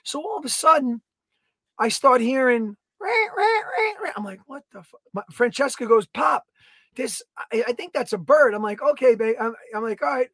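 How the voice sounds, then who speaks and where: A man co-hosting a podcast, telling a story in a casual, animated way, swearing and acting out his own quotes. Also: very high-pitched, moderate pace, no echo. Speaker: podcast co-host. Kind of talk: casual chat.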